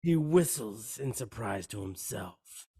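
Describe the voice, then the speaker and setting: A man's voice: on the low side, expressive, a little slow, warm tone, breathy edge, no echo, studio quality. A man co-hosting a podcast, reading screenplay action lines aloud and stumbling over words. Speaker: podcast co-host.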